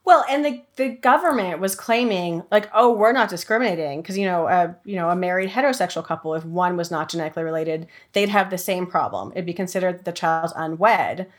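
A woman hosting a podcast, talking casually with lots of fillers and quick restarts. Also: fairly low pitch, expressive. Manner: chatty, many fillers and restarts. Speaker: podcast host.

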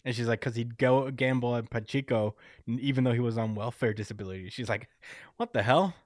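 A man in casual chat, recapping a story and acting out the characters' lines in quick voices, laughing often. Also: mid-range voice, fairly even intonation, a little mellow, dry recording, studio quality. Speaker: podcast co-host recapping a manga chapter.

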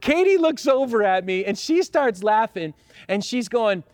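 A pastor telling a personal story in a sermon, lively at times and quiet and prayerful at others. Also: male voice, high voice, unhurried, no echo.

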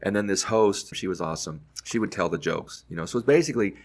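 A middle-aged man tells stories from his radio career in a quick, animated way. His voice sits fairly low and has a gravelly edge. He jumps into other people's lines as he goes. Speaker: radio host telling his career story. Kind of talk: casual anecdotal storytelling.

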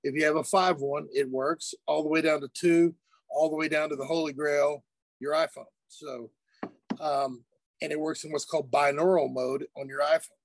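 A man's voice: on the high side, normal speed, gravelly, no room sound. A man, a music producer and engineer, talking casually as a guest from his studio, with easy laughs and many restarts. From United States. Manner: relaxed, chatty, laughs easily, many fillers and restarts. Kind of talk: casual interview chat.

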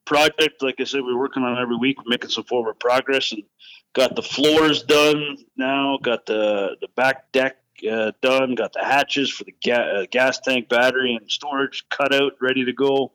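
Brief: male co-host, mid-pitched and bright, blunt, joking rants. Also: steady tone, moderate pace. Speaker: podcast co-host. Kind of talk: casual chat.

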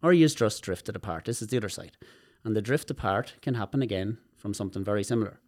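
An Irish man, a guest on a podcast, telling personal stories in an animated way and swearing freely. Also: fairly low pitch, fast talker. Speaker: guest, movement specialist. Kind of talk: podcast conversation.

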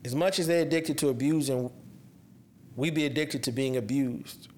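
A man's voice: medium pitch, moderate pace, a little mellow, slight background noise. A man hosting a podcast, speaking in a casual, candid personal monologue that turns raw and emotionally heavy. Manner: casual and conversational, restarts when upset. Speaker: podcast host. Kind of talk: personal monologue on mental health.

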